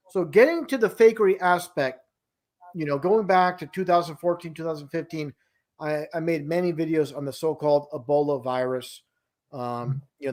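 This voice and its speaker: A man's voice: on the high side, darkish tone. A man talking casually and at length, rambling with many restarts and an incredulous tone. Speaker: guest. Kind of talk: casual conversation.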